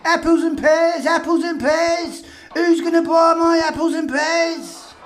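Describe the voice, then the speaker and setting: A man voicing a loud male street-market barrow boy, crying his wares in a shouting sing-song. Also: extremely high pitch, fairly even intonation, a little slow, a faint crowd, voice pushed up. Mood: hawking.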